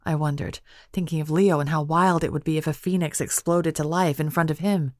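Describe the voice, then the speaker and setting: Low-voiced woman narrating an audiobook. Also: dry recording, clean studio sound. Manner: measured, expressive storytelling.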